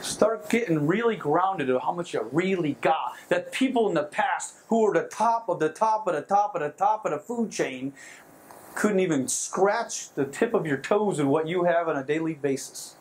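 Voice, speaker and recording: A man with a notably high voice runs a motivational seminar for a live audience. He is excitable and keeps laughing at his own jokes. A faint noise sits under his voice. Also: moderate pace, rough recording. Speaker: seminar trainer.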